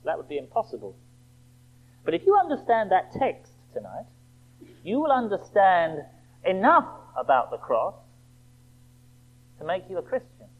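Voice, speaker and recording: A man preaching with a high, animated voice that rises and falls widely. He leans on rhetorical questions and reads scripture slowly and deliberately. The recording is thin and phone-like. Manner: emphatic, rhetorical questions, slow quoted scripture. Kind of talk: sermon. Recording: tinny phone-like band.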